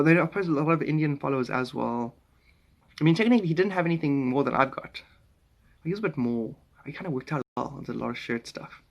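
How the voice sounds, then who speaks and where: Gravelly, rambling live-streamer man. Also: a little high. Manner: rambling, chuckling, answering viewers' comments; tries out playful German phrases. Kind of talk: casual live-stream chat. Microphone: phone.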